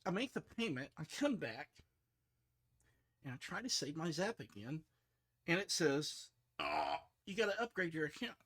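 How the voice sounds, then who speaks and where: A middle-aged man, a software developer, talking casually and rambling, frustrated, with many restarts and fillers. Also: fairly high pitch, animated, moderate pace, gravelly. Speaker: software developer streaming his work.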